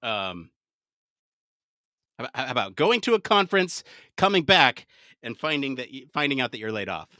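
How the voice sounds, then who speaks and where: A man's voice: mid-range voice, normal speed, long pauses, no room sound, clean studio sound. A man hosting a live podcast, chatting casually and mumbling to himself while he sets something up. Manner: excitable, loud outbursts, then mumbling while typing prompts. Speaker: podcast host. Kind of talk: casual live-stream chat.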